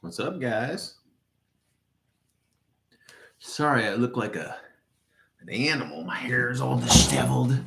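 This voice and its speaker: A man's voice: mid-range voice, expressive, a little slow, gravelly, pauses often, a bit bright, a little hiss or hum. A man hosting a casual livestream, rambling and profane as he greets viewers in chat by name. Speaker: livestream host.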